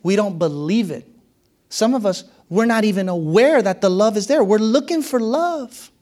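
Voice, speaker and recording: A man's voice: animated, moderate pace, darkish tone. A man preaching a sermon, emphatic and repetitive, sometimes dropping his voice to a whisper and sometimes rising sharply. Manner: emphatic, repeats key phrases, pitch swings widely.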